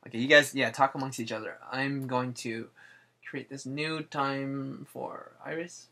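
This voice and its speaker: A man hosts a live drawing stream, rambling, joking with viewers and talking himself through his work in casual chat. His mid-range voice is bright and forceful, with a steady tone at a measured pace.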